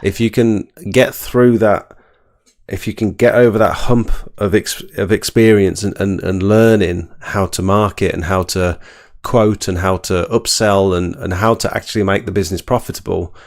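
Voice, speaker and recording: A man hosting a casual live podcast, giving measured, reflective advice. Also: deep voice, steady tone. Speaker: host.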